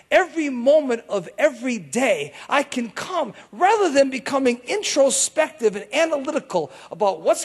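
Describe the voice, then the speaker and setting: A male pastor preaching a sermon in an animated, storytelling way, with bursts of shouting. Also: very high-pitched, husky.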